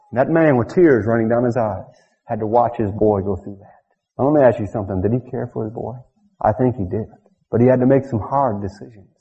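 A man's voice: mid-range voice, mellow, husky. Fervent male preacher, lo-fi. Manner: fervent, rising to emphatic peaks. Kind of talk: sermon. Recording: dull lo-fi recording.

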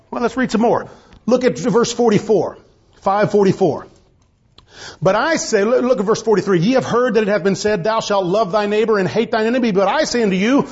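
Heard through a dull, lo-fi recording, a man with a high, slightly rough voice delivers a sermon on marriage. He reads King James scripture aloud and stresses his points with rising emphasis.

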